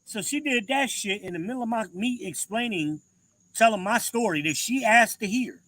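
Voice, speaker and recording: A man's voice: high-pitched, animated, normal speed, pushed and bright, poor audio. A man hosting a show, giving a blunt, profane commentary with emphatic inflections. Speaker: podcast host. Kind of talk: ranting commentary.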